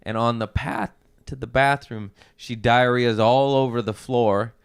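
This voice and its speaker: Crude animated male storyteller, dry mic. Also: medium pitch, a little slow, smooth, no room sound. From Mexican-American family. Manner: crude, animated storytelling with loud character voices. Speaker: podcast guest. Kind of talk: casual podcast chat.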